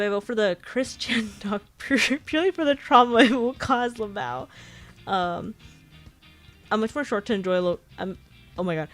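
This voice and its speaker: A young woman in her twenties streaming a casual chat, rambling with lots of fillers and giggling often. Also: mid-range voice. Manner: filler-heavy, frequent "like".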